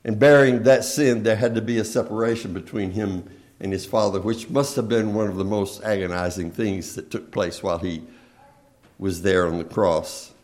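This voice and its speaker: Emphatic, slow-building man preaching. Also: lowish voice, steady tone. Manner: slow and emphatic, swelling loud then dropping very soft; plainspoken storytelling of scripture. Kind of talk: sermon.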